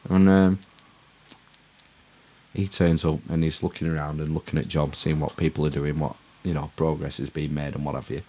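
A man's voice: very deep voice, flat delivery, normal speed, warm tone, slight background noise. A man telling a rambling, sweary story as a podcast co-host. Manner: rambling, swears freely, self-mocking. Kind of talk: casual storytelling chat.

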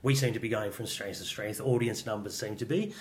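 A man's voice: lowish voice, a little fast. Dry man, echoey podcast sound. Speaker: podcast co-host. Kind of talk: casual chat. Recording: roomy echoey room.

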